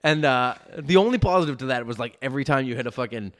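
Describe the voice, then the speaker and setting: A man's voice: mid-range voice, animated, quick pace, a bit bright. Profane, rambling New man. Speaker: podcast host. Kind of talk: casual chat.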